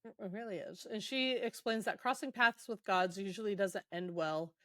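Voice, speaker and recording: A woman at a middle pitch chatting through a book recap. She paraphrases dialogue loosely, drops in ums and quick laughs. The recording is dry and close. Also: fairly bright tone, dry recording. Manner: retells scenes loosely with quick quoted asides, many ums, laughs. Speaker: podcast co-host.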